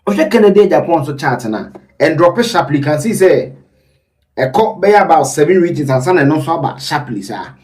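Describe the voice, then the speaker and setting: A man commenting on poll data in a rambling, animated way, with asides. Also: fairly high pitch, a little fast, far from the mic.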